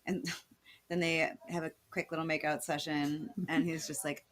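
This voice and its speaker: A woman's voice: deep voice, moderate pace. A woman co-hosting a podcast, playfully retelling a comic plot in casual chat. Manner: lively, laughing, playful retelling. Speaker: podcast co-host.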